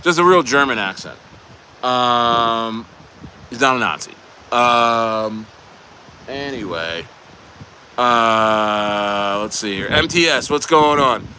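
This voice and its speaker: A man's voice: medium pitch, lively intonation, slow pace, long pauses, pushed and bright, slight background noise. A man hosting a casual crypto livestream, bantering and joking loosely with viewers in the chat. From United States.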